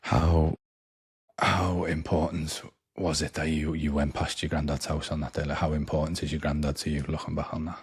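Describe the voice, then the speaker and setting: A male podcast host asking gentle, reflective interview questions. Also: a bass voice, level tone, moderate pace, breathy edge, dry recording, studio quality.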